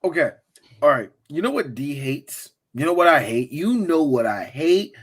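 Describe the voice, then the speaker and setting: Podcast co-host, male, husky, lively and profane, high-ish voice. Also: normal speed. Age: adult with children. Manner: animated, profane ranting with acted-out quotes. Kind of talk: casual chat.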